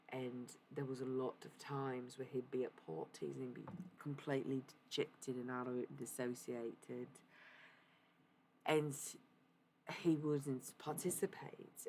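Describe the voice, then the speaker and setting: A woman's voice: low-pitched, darkish tone, slight background noise, rough recording. A woman hosting a livestream, telling stories in a rambling, meandering way. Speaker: livestream host. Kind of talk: casual livestream monologue.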